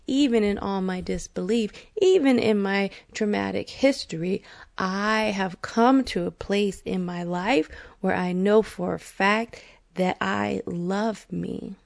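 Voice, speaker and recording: Slow-spoken gravelly woman podcast host. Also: mid-range voice, darkish tone. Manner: earnest, candid, slow and deliberate; frank and profane, breaks into laughter. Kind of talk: confessional podcast monologue.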